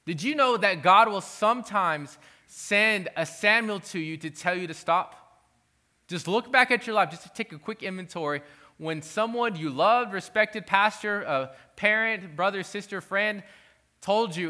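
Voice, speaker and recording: A man's voice: high voice, a little slow, bright, forceful tone. A man preaching a sermon as a pastor, earnest and pleading, often restarting his sentences.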